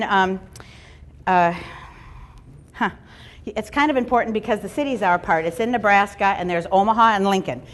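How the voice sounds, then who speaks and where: A middle-aged woman giving a motivational keynote talk to a live audience in a large room, animated and playful, acting out little voices. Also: mid-range voice. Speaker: fundraising speaker.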